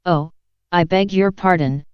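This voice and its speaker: A woman's voice: lowish voice, a little slow, smooth, dry recording, natural voice. A woman voicing a polite, chatty young girl in a storybook reading, rambling eagerly and apologizing. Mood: apologetic. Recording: dull lo-fi dry recording.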